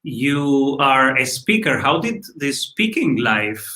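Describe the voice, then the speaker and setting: A man hosting a podcast interview over a video call, asking short questions with pauses. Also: mid-range voice, sing-song, sharp tone, reverberant, low-quality recording. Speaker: podcast host.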